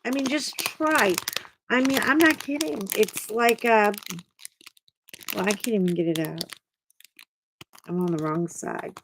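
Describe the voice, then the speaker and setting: Older woman host, slow unhurried talker, chatty and self-mocking, clip-on mic. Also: a little high, background noise. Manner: chatty, rambling and self-deprecating. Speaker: craft channel host. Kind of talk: casual chat to camera. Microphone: clip-on mic that keeps bumping.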